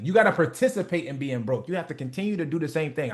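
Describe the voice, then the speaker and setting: A man's voice: on the high side, expressive, fast, hardly any pauses. A man hosting a motivation call, talking in a blunt, profane, preachy way and acting out the people he quotes. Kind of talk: casual motivational talk.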